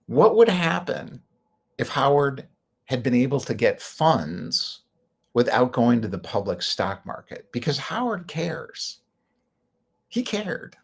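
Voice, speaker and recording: A man's voice: medium pitch, slightly rough. A man hosting a show, talking in a rambling, opinionated way and laughing often. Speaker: host. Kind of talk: casual monologue.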